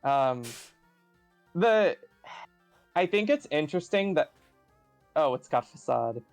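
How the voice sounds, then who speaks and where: A man's voice: on the high side, expressive, takes it slowly, creaky, clean tone, no room sound, faint music behind. An American man chatting casually while playing a game online, rambling and often restarting his sentences. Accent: General American. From United States. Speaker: co-streamer. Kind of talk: casual gaming chat.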